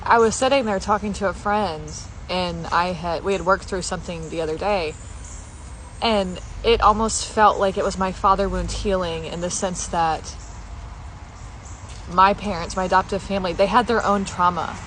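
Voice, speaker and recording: A woman's voice: fairly low pitch, normal speed, a bit bright, slight background noise, poor audio. A woman sharing a personal healing story and speaking heartfelt, repeated affirmations straight to her viewers. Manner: heartfelt, repetitive affirmations, tearful at times. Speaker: healing content creator. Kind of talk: emotional personal sharing to camera.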